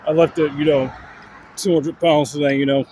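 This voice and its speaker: A man voicing a dog imagined as a laid-back male bodybuilder, talking in a slow drawl packed with "you know, man" fillers, outdoors by a road. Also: on the high side, level tone, close to an everyday voice. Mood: boastful. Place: outdoors on a street with passing traffic. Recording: outdoor phone stream with loud traffic noise.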